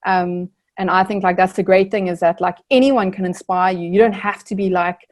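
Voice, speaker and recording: A woman's voice: mid-range voice, fairly even intonation, moderate pace. A young woman from South Africa, an Olympic rower, answering interview questions in an earnest, reflective way with many fillers.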